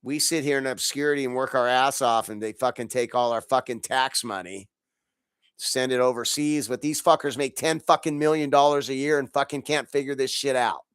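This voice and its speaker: A man's voice: medium pitch, a little fast, a bit bright, clear, resonant tone, no echo, studio quality. Profane, exasperated man ranting. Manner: angry, profane, exasperated, laughs in bursts. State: congested from allergies. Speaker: podcast host. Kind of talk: profane sports rant.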